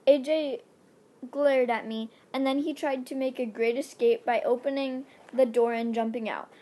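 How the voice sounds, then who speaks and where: A woman's voice: high-pitched, steady tone, moderate pace, warm tone. A young woman reading her own fanfiction aloud, playful, with dramatic asides. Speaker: fanfiction reader.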